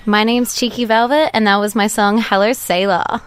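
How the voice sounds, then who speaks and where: A woman's voice: medium pitch, fairly even intonation, moderate pace, loud music behind the voice. A woman pop singer, a guest on a radio show, chatting in a bubbly, giggly way. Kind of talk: casual radio interview. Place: radio studio.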